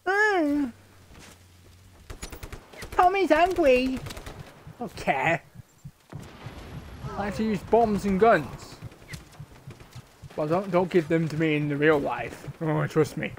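Gravelly man ranting over gameplay. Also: on the high side, slow pace, long pauses, slight background noise. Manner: frustrated, swears constantly. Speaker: streamer. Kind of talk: live gameplay commentary.

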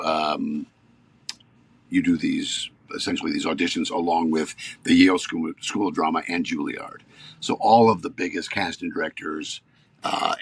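A man in his fifties, an actor, guests on a podcast and tells stories casually, working himself up as he talks. The deep voice sounds creaky and slightly rough, with no room sound.

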